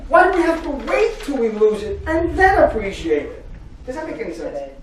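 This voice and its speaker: In a big public library hall, a man with a very high voice gives a live motivational talk as a psychotherapist at moderate pace. Energetic and jokey, he leads call-and-response chants, captured from far away with echoey hall sound.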